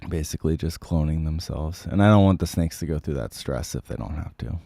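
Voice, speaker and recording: A man with a very deep, mellow voice chats loosely through a livestream, his voice a little sick. He fills gaps with ums and keeps clearing his throat. The sound is dry and close. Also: a little fast, no echo. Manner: rambling, many ums, frequent throat clearing. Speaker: livestream host reading viewer comments. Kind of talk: casual livestream chat.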